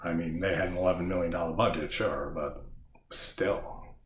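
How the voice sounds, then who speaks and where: Deep-voiced man rambling about a film. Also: fairly even intonation, moderate pace, roomy sound, slight background noise. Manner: laughs often, rambling with restarts and fillers; acts out movie lines in raised voices. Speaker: horror movie channel host. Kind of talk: casual film discussion.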